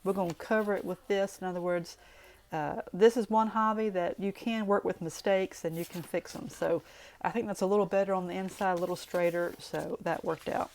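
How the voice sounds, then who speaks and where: A woman with a Southern US drawl walks through her craft project in a relaxed, folksy tutorial. Her speaking voice sits on the low side, and she drifts into friendly, rambling asides as she works. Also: a little fast. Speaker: card-making vlogger.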